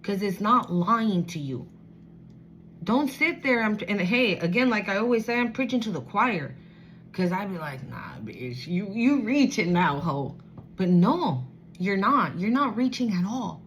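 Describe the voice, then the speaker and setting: A woman's voice: mid-range voice, expressive, measured pace, fairly bright tone, slight background noise. Blunt, profane woman reading cards. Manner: blunt, profane, streetwise, emotional. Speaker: tarot reader. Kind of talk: casual spiritual reading.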